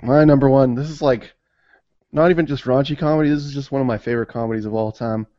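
A man's voice: mid-range voice, fairly even intonation, quick pace, mellow, dry recording. A man co-hosting a casual chat about comedy films, easygoing, swearing freely and laughing often. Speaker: podcast co-host. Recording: dry, dull lo-fi audio.

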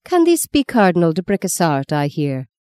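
A woman's voice: on the low side, sing-song, normal speed, dark tone, smooth. A woman doing a mocking, scheming old woman. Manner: mocking, curt, taunting. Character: scheming old wealthy woman, sardonic and malevolent.

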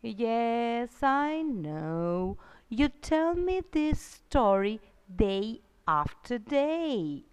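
A woman's voice: fairly high pitch, big pitch swings, very slow, a little mellow, clean tone, full character voice. Woman doing a whiny young boy squire. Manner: complaining, whiny. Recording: long reverb.

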